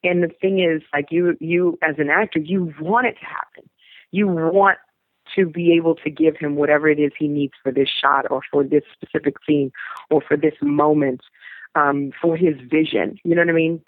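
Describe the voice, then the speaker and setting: Gravelly New woman over a phone line. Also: low-pitched, no echo. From New Orleans, USA. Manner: rambling and searching for words, with many trailing restarts. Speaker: actor. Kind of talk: interview storytelling. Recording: tinny dry phone-line sound.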